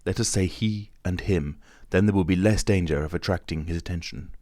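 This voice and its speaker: A man's voice: sits low, no room sound, clean studio sound, lightly acted. A man voicing a grave, secretive stranger. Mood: guarded. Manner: calm, measured, hushed warnings. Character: grave, mysterious male stranger, cautious and secretive.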